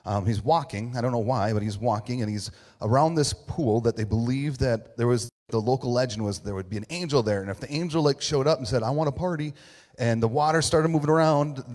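A man's voice: medium pitch, darkish tone. A man giving a casual, joking sermon as pastor, acting out the voices of the people in his story. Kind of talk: conversational sermon. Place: church sanctuary. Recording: long reverb of a hall.

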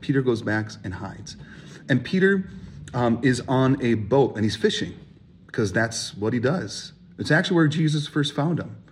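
A man preaching a sermon, animated and emphatic, acting out the voices of people in his stories. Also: mid-range voice, normal speed, a little hiss or hum. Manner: animated, acts out voices in quotes, rising emphasis. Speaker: pastor.

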